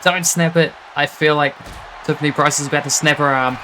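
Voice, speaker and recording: Excitable male wrestling commentator. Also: on the high side, slight background noise, poor audio. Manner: fast reactive play-by-play, frequent gasps and exclamations. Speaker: play-by-play commentator.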